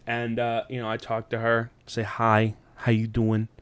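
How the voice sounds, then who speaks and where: A man tells a long, meandering story on a podcast, swearing freely and popping into high voices when he quotes people. His voice is smooth and clear. The sound is dry and close. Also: monotone, unhurried, a bit bright, no echo. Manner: rambling, profane, jumps into high voices quoting people. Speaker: podcast host. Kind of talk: casual storytelling chat.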